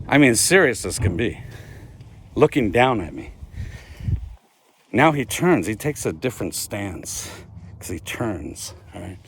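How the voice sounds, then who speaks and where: A middle-aged man spins a casual story straight to the camera, his pitch rising and falling in a lively way. He keeps checking in with "all right?" There is a faint hum of room and traffic noise behind him. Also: a little slow, pauses often. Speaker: vlogger telling a story. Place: at home, dogs barking nearby.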